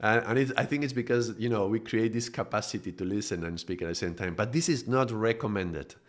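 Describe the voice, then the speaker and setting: A middle-aged man from Spain with a strong Spanish accent, a native Spanish speaker, giving a casual live-streamed talk as a spiritual teacher. He tells stories in a quick, animated way, laughing often and restarting his sentences. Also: on the low side.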